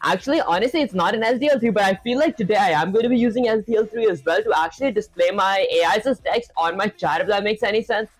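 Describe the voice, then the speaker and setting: A man's voice: high voice, fast, few pauses, no room sound, rough recording. Rambling man streaming live code. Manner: rambling, loose, full of fillers. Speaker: livestreamer coding live. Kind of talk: casual live-coding stream chat.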